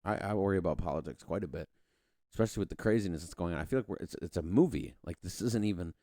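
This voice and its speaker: A man's voice: sits low, fast talker, warm tone, no room sound, studio quality. A man hosting a podcast, rambling through a casual political monologue with frequent restarts and casual swearing. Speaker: podcast host.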